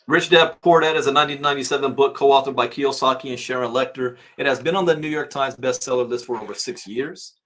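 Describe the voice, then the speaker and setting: A man in a mid-range voice talks through market numbers in a relaxed, chatty way. He reads figures and news aloud, then drifts into musing asides of his own. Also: mid-range voice. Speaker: crypto channel host. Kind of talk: casual market commentary, reading headlines aloud.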